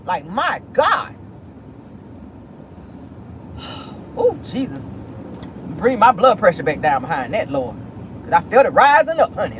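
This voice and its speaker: A woman giving sassy, animated celebrity gossip commentary while driving in her car. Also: high-pitched, slight background noise, poor audio. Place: in a car, driving near an airport.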